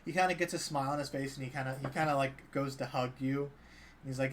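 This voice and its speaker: A man narrating as dungeon master in a relaxed, hesitant way with many fillers. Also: medium pitch, fast talker, a little hiss or hum. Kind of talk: narrating a tabletop game.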